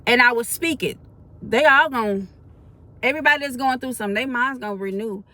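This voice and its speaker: Higher-voiced woman sharing an earnest faith testimony. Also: a little fast, sharp tone. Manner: colloquial, earnest, slips into preaching. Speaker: faith vlogger. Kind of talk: spoken testimony to camera.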